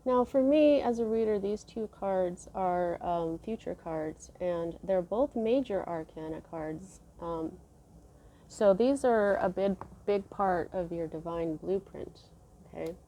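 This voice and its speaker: A woman giving a casual tarot reading, musing slowly with many fillers and restarts. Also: lowish voice, warm tone, slight background noise. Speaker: tarot reader.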